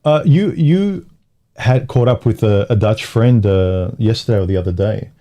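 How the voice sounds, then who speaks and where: A man's voice: lowish voice, fairly even intonation, moderate pace, mellow. A man hosting a casual livestream, talking in loose, rambling phrases with frequent restarts. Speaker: livestream host.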